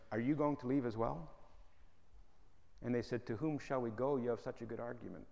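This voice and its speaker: A man's voice: medium pitch, creaky. A man preaching a sermon, joking at times and pressing his listeners with rhetorical questions. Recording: hall reverb.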